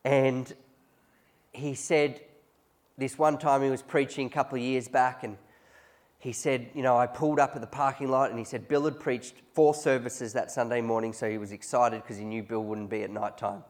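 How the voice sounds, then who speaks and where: A man's voice: mid-range voice, level tone, moderate pace. A man preaching a conversational sermon, often chuckling as he tells stories to his congregation. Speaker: pastor.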